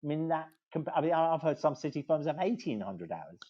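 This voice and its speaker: An English man in his fifties, a law firm managing partner telling anecdotes as a podcast guest, animated and digressive with many restarts. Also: a little high, brisk. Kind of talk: anecdotal storytelling in conversation. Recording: dull lo-fi sound.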